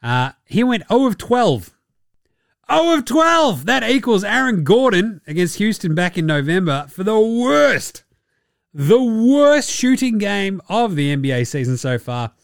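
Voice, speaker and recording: Lively, sweary Australian podcast host. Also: male voice, sits high, a little slow, gravelly, no echo, studio quality. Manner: animated, sweary and mocking. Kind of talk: casual sports podcast rant.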